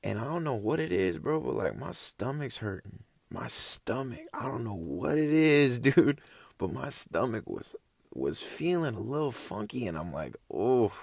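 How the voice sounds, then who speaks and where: A man's voice: mid-range voice, big pitch swings, normal speed, vocal fry, breathy edge, no room sound. A young man casually telling a story, laid-back and slangy, rambling along with loose phrasing.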